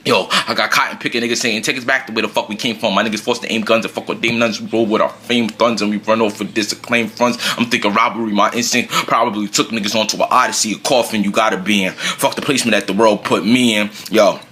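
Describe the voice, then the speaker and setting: Dude spitting aggressive bars real fast, lowish bright voice. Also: male voice, steady tone, slight background noise. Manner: aggressive, rapid-fire delivery. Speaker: rapper. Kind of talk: freestyle rap verses.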